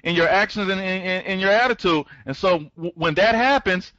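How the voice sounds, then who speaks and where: A man giving a live online training talk as a program trainer. He rambles, restarts his sentences, greets listeners by name and speeds up when he gets excited. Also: high-pitched, brisk, no echo, highs cut off.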